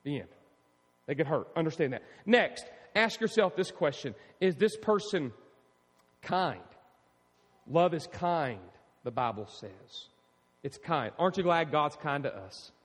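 A male pastor preaching a sermon, animated and emphatic, calling out to his congregation. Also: on the high side, measured pace. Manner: animated, preaching with rising emphasis and audience call-outs. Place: church sanctuary. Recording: long reverb in a large hall.

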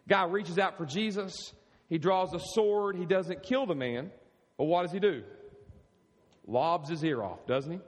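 A man's voice: sits high, animated, normal speed, breathy edge, in a large hall. A man preaching a sermon, telling the story vividly and firing rhetorical questions at his congregation. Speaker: pastor.

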